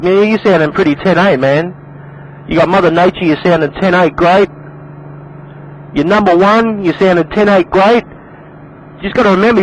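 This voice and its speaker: An Australian man chatting over CB radio, repeating himself and calling the other operator man. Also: high-pitched. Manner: repetitive, calls everyone man. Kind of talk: casual CB radio chat. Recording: noisy radio skip.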